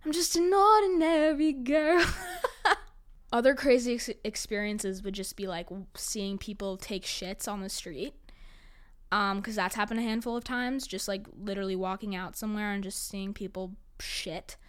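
A woman's voice: medium pitch, fairly even intonation, moderate pace, clean tone. A young woman from New York telling personal stories in a chatty, dramatic way, with frequent laughs and lots of "like" fillers. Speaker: storyteller. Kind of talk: casual storytelling monologue.

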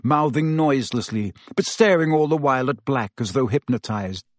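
A man reading a story aloud as narrator, in an expressive and dramatic style. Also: mid-range voice, normal speed, no room sound. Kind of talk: audiobook narration.

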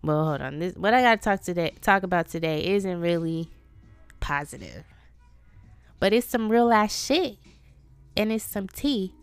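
A woman's voice: fairly low pitch, animated, moderate pace, long pauses, smooth, dry recording, soft background music. A woman hosting her own podcast, venting in a casual, profane, self-deprecating way. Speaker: podcast host. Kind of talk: casual solo podcast monologue.

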